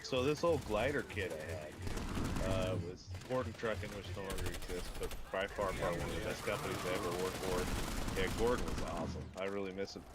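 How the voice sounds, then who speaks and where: A man's voice: deep voice, brisk. A man streaming a game, telling a long rambling trucking story in casual chat and laughing at himself. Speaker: streamer, former truck driver. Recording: gunfire noise behind voice. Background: game gunfire and explosions.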